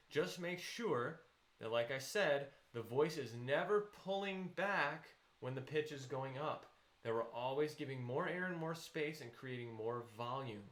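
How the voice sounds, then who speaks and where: A man's voice: medium pitch, fairly bright tone, roomy sound. A man teaching a voice lesson, patiently explaining vocal technique and counting students into exercises.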